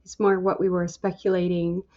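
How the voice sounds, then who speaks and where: A woman leading a Bible study, slowly working through scripture word by word in a halting, musing, tentative way. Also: on the low side, little pitch movement, darkish tone, dull audio.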